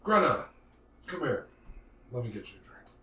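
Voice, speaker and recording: A man voicing a gruff, generous male orc patron at a tavern, speaking low and dismissively. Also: sing-song, moderate pace, bright, forceful tone. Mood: gruff, friendly. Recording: roomy, distant mic, faint noise.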